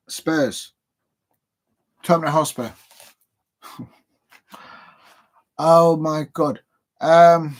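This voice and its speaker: A man from England hosting a live football show, casually rambling through match predictions and chatting to his viewers. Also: a little high. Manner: rambling, self-deprecating, talks to viewers.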